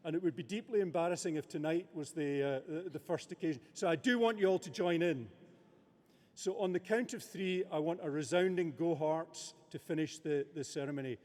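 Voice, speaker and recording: A man's voice: on the high side, a little mellow. Man speaking in a cavernous hall. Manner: measured, hesitant, with repeated filler words. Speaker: university official presiding at a graduation ceremony. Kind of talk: formal ceremony speech. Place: large abbey hall. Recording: long reverb of a large hall.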